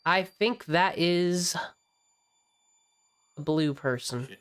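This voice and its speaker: A woman reading a visual novel aloud in the first person, expressive and dramatic, with jokey asides. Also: lowish voice, very slow, clear, resonant tone.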